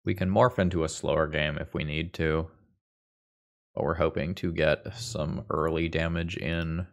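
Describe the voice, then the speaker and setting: A young man narrating his card game with a stuffed-up, congested sound. His voice sits very low and carries a gravelly fry. He thinks aloud, dropping dry, self-aware quips. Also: fairly even intonation, moderate pace. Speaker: Magic gameplay video host. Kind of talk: casual gameplay commentary.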